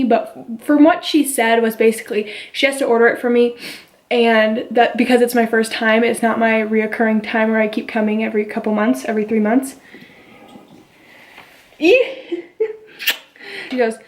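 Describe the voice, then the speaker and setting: A woman's voice: fairly high pitch, darkish tone. A young woman vlogging at home, chatting casually as she retells a story and quotes the people in it. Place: at home with her baby.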